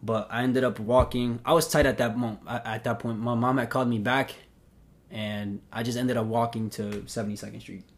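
Young New man, podcast host; animated, profane storyteller who acts out the quotes. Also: medium pitch, a little fast. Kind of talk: casual storytelling.

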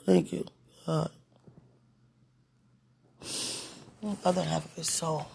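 Gravelly voice in emotional spoken prayer. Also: medium pitch, takes it slowly, a little hiss or hum. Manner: emotional, pleading, swings between murmurs and excited bursts. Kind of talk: casual spoken prayer to camera.

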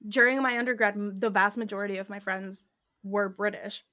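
A young woman co-hosting a podcast, talking in an animated, blunt way and swearing when annoyed. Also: mid-range voice, fairly quick. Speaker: podcast co-host. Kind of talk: casual chat.

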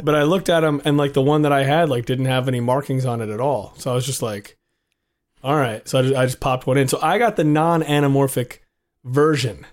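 Male co-host, hoarse from a cold, relaxed chatter. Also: medium pitch, a little fast. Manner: relaxed, rambling. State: hoarse, sick with a cough. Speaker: podcast co-host. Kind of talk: casual chat about movies.

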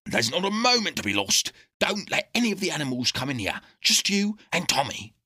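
Dude doing an earnest breathless dog, husky, bright, hurried and begging. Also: male voice, medium pitch, big pitch swings, pitched above the performer's own voice, full character voice. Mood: urgent. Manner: breathless, urgent pleading. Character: loyal, urgent male dog. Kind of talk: storybook reading.

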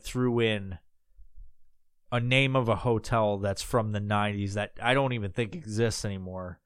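A man's voice: mid-range voice, fairly bright tone, clear, resonant tone, dry recording, studio quality. A man hosting a podcast, talking in a loose, rambling way with lots of swearing and restarts. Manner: loose and profane, full of fillers and restarts. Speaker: podcast host. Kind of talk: casual rambling monologue.

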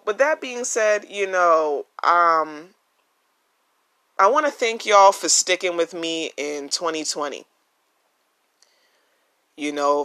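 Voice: medium pitch, bright, forceful tone. A podcast host talking earnestly and emphatically in a casual solo monologue, recorded on a phone with no microphone. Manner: earnest and emphatic, repeats key phrases.

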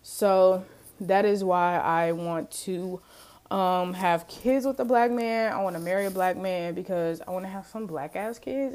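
A woman's voice: lowish voice, slow pace. A young adult woman hosting her own podcast, talking in a loose, chatty way with many restarts. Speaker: podcast host. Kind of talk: casual solo podcast chat.

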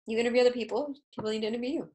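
A woman guest in a casual podcast chat, animated and gushing in quick bursts. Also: a little high.

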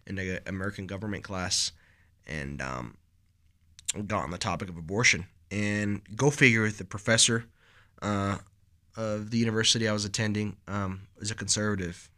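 On a casual podcast, a young male co-host rambles through his stories, packing them with "like" and calling his friend "bro." His voice is fairly low and pushed and bright, at a moderate pace.

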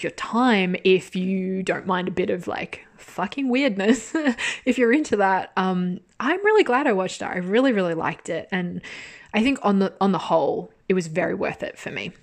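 A woman's voice: medium pitch, creaky. A woman hosting a podcast, chatting casually about a drama she watched, with a lot of swearing and frequent laughs. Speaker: podcast host. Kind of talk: casual drama review monologue.

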